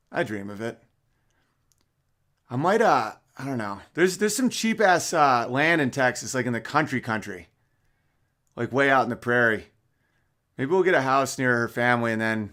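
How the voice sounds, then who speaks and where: A man with a mid-range voice hosts a casual livestream, reading listener messages aloud. His rambling, profane asides swing from mumbles to loud bursts.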